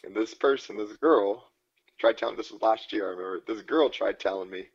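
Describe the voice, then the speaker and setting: A man's voice: lowish voice, a little fast, vocal fry, husky. A man co-hosting a podcast in casual chat, telling stories in a laid-back way with swearing and easy laughs. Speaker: podcast co-host. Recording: dull lo-fi podcast audio.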